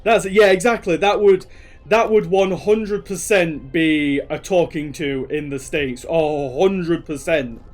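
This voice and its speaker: A man's voice: on the high side, a little slow. A young British man casually commenting while streaming a game, chatty and rambling as he answers chat. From Britain.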